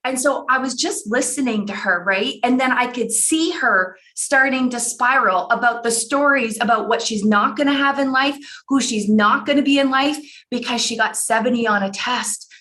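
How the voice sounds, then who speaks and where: A woman's voice: on the high side, normal speed, hardly any pauses, pushed and bright. A woman in her forties, a life coach telling a personal story in an earnest way and repeating phrases for emphasis, over a computer mic on an online call.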